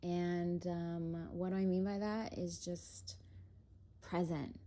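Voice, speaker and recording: A young woman doing a casual spiritual chat as an oracle card reader, slightly out of breath, airy and unhurried, with soft laughs. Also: fairly low pitch, flat delivery. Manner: slow, airy, lots of "if you will" and soft laughs. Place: home, indoors.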